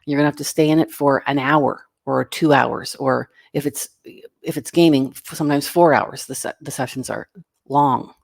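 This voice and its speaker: A woman's voice: very deep voice, steady tone, moderate pace, vocal fry, no room sound, studio quality. A middle-aged woman, a voice casting director, giving frank, emphatic advice as an interview guest. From Canada. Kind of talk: casual interview answers.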